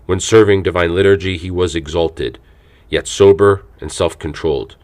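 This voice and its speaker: A man reading an audiobook aloud in a measured, reverent manner. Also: low-pitched, fairly even intonation, a little mellow. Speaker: audiobook narrator. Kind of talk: scripted audiobook narration.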